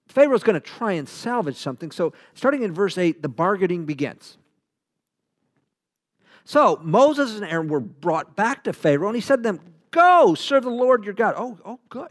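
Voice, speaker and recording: Guy preaching through scripture, kinda high voice, dry close sound, goes loud then quiet. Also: dry recording. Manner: animated, rhetorical questions, swings from loud to hushed. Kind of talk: verse-by-verse Bible teaching sermon.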